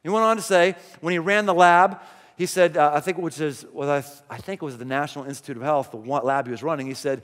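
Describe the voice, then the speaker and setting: A man's voice: fairly high pitch, fairly even intonation, fast talker, a bit bright. A man pastor preaching a conversational sermon in a large church, full of rhetorical questions. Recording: long hall reverb.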